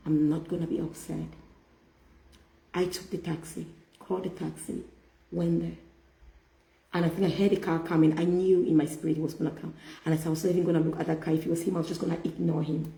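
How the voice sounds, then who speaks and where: A middle-aged woman telling a personal story in a casual faith-based chat, animated and often laughing as she quotes herself. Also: low-pitched, quick pace, gravelly. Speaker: host. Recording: echoey room.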